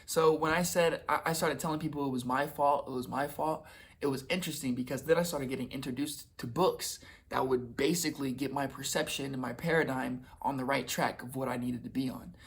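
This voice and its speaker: A man's voice: mid-range voice, fairly even intonation, brisk, breathy edge. A young man in his twenties telling a personal story in a loose, casual way, full of slang and swearing. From United States. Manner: casual and profane, with slang and restarts. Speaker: vlogger.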